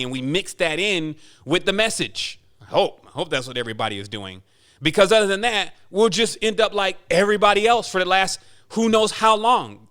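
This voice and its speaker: A man hosting a spiritual podcast, talking in an emphatic, preachy monologue and mimicking people in quick asides. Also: high-pitched, a bit bright. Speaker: podcast host.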